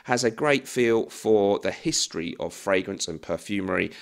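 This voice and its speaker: A man's voice: lowish voice, lively intonation, moderate pace, creaky. A man in his forties giving a chatty, rambling video review with a self-deprecating streak. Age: 40s. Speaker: fragrance YouTuber. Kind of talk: casual video review chat.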